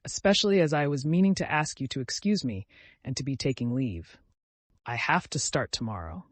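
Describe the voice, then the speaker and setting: A male audiobook reader voicing a cold, formal aristocratic husband who speaks in measured, stiff sentences. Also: medium pitch, animated, dry recording, natural voice.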